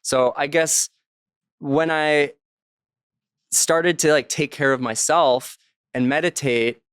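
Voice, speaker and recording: A man's voice: on the high side, fairly even intonation, takes it slowly, a bit bright, clean tone, dry recording, clean studio sound. A man, an author, talking casually as a guest in an interview and telling anecdotes, slipping into the voices of the people he quotes.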